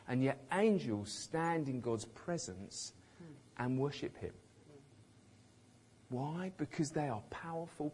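Lively husky-voiced male preacher. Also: medium pitch. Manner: conversational, emphatic, quotes voices with light humour. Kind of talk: sermon.

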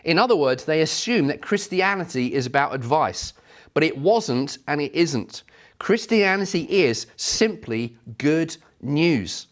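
A middle-aged man preaching a sermon, telling stories with animated delivery. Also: fairly high pitch, a little slow. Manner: storytelling, animated, voices quotes.

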